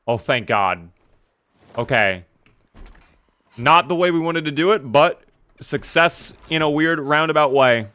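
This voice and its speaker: In this gameplay stream, a man with a sharp-toned, mid-range voice addresses his live chat viewers by name. He jokes with mock formality and speaks around a sore in his mouth.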